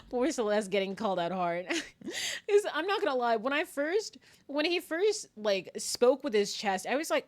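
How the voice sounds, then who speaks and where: A woman streamer chats casually on a live stream in a fairly high voice at a moderate pace, animated and giggly with frequent laughter. She calls herself very nervous and rambles, restarting her sentences.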